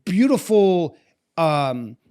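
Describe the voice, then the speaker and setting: Young male co-host, a bit high-pitched, thoughtful and rambling. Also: big pitch swings, drawn-out words, mellow, clean tone. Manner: musing, hesitant, many fillers and restarts. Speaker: podcast co-host. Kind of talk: casual chat.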